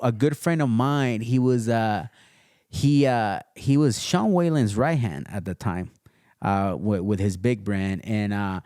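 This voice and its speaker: A man guest on a casual podcast, telling his story in a relaxed way with many fillers and restarts, recorded at his home studio. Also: fairly low pitch, measured pace, smooth, no echo. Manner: laid-back, storytelling with lots of fillers and restarts. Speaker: podcast guest, custom sneaker entrepreneur.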